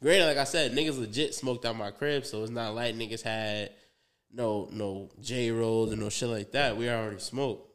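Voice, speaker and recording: Slightly bright and mid-range, his voice moves at a normal pace. This young co-host spins a meandering podcast tale full of profane slang, filler words and tangents.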